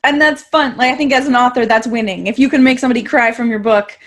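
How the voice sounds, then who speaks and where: A woman with a slightly high voice asks questions as an author and interviewer. Her manner is friendly and conversational, with casual fillers and easy follow-ups. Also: quick pace, a bit bright.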